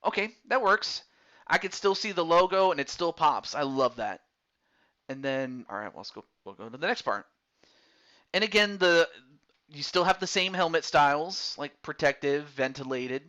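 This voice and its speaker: Chatty man streaming a game, bright tone. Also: on the high side, lively intonation, moderate pace, lo-fi sound. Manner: chatty, talks through menu choices aloud. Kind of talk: casual game commentary.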